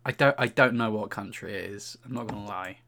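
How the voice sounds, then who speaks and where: A man's voice: on the low side, fairly quick, pushed and bright. A man co-hosting a podcast, telling anecdotes and slipping into silly voices in casual banter. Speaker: podcast co-host.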